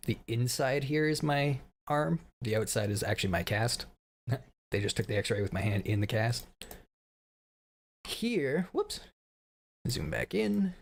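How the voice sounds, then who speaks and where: A man around thirty giving a casual, rambling stream update, swearing often and laughing at his own stories. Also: medium pitch.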